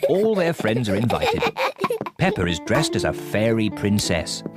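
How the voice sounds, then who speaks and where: A man narrating a children's cartoon in a clear, gently amused storytelling manner. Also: on the low side, huge pitch swings, a little slow. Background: music.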